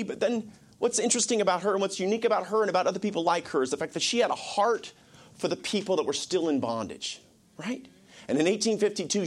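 A male pastor preaching a sermon, dropping to whispers and rising to urgent, raised lines, a bit sniffly and emotional. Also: fairly high pitch.

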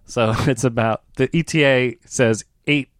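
A man's voice: mid-range voice, unhurried, dry recording, clean studio sound. A man, a comedian and podcast co-host, telling a story in casual chat, rambling with lots of fillers and restarts and laughing as he talks. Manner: animated, rambling, full of fillers and restarts, laughs mid-sentence.

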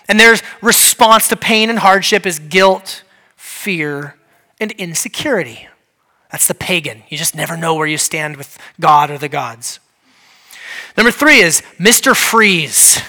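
A man delivers a church sermon in a high, bright voice. He talks conversationally with plenty of fillers. He slips into playful quoted voices to make his points. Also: lively intonation, measured pace. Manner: humorous, acts out quoted voices. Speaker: pastor. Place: church service.

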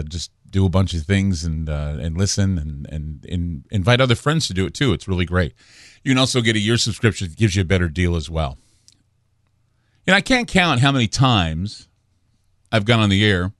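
A man hosting a late-night radio talk show, delivering a brooding, ominous monologue with dramatic pauses and restarts into a studio microphone. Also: low-pitched, dry recording. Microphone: studio broadcast microphone.

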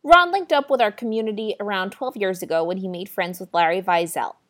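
A woman's voice: mid-range voice, brisk, fairly bright tone. A young woman co-hosting a casual podcast with dry, wry humor. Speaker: podcast co-host.

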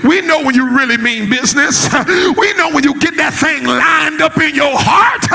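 A man preaching a sermon, swinging between a spoken voice and sung, shouted cadences. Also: very high voice, expressive, normal speed, creaky, few pauses, faint music behind.

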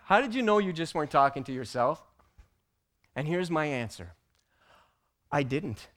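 A man teaching a church group, telling a personal story with animated delivery that builds to loud, emphatic peaks. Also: fairly high pitch, moderate pace. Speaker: church teacher presenting slides.

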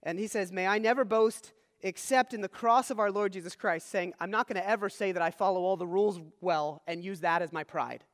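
A pastor delivers a sermon in a high, brisk, slightly bright voice with hardly any pauses. He teaches earnestly, often checking in with listeners by asking "all right?" A long hall reverb colors the recording.

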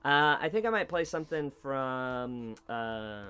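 A man's voice: medium pitch, lively intonation, unhurried, bright, forceful tone, smooth. Young man, casual rambling podcast host. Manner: loose, swears freely, trails off with fillers. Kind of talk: casual chat. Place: basement painting studio.

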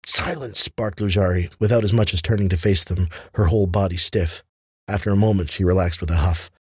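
Male audiobook narrator, low husky voice, measured fantasy reading, dry close recording. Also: steady tone, darkish tone, no room sound.

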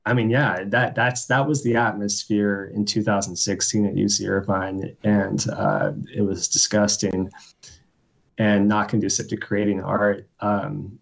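A man's voice: lowish voice, level tone, a little slow, gravelly. A young man, a poet being interviewed, talking casually with many fillers and restarts. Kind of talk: casual conversation.

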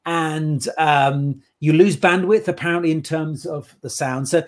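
Chatty man telling stories, slightly high voice. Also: fairly even intonation, unhurried. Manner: chatty anecdotal storyteller, playful. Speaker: improv performer and guest. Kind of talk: casual interview chat.

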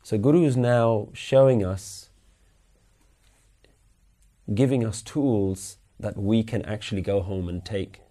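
A man giving a Sikh religious lecture at a weekly class, earnestly questioning his listeners and slowly chanting scripture lines. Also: lowish voice, warm tone. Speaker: Sikh teacher.

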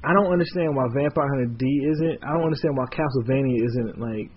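A man chatting as a podcast guest, rambling excitably and packing his talk with "like". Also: mid-range voice, fast, slightly rough, dull audio. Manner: excitable, rambling, heavy use of "like". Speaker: podcast guest, comic artist. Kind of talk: casual chat.

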